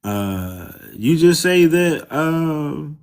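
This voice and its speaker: A man's voice: fairly high pitch, big pitch swings, very slow, smooth. Man, Southern US accent, livestream host, casual, profane, mocking, laughs a lot.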